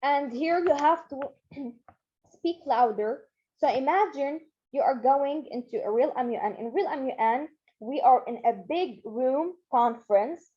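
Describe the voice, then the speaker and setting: High, mellow-toned woman coaching. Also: expressive, a little slow, dull audio. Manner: encouraging, repeats herself with fillers. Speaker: Model UN trainer. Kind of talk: online training lesson.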